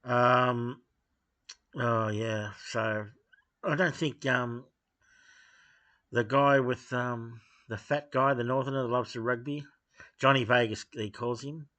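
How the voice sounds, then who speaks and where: A man talking off the cuff in a blunt, dismissive way, pausing often with fillers as he gives his opinions to camera. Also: mid-range voice, fairly even intonation, sharp tone. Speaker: video host giving opinions. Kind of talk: unscripted opinion monologue.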